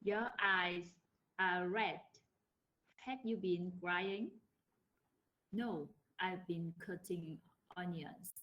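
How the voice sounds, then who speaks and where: A woman's voice: lowish voice, steady tone, drawn-out words, long pauses, muffled recording. A Vietnamese-speaking woman, a student, carefully reading lesson sentences aloud over a video call.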